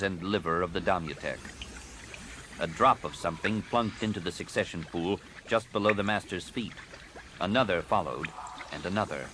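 A man narrating an audiobook in a steady, expressive reading. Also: sits low, noisy background.

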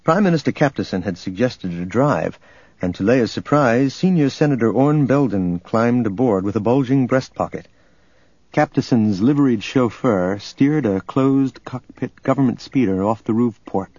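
A man narrating a novel in a steady, even storytelling manner, recorded as a dull lo-fi audiobook. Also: medium pitch, normal speed, husky, no echo. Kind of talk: scripted narration.

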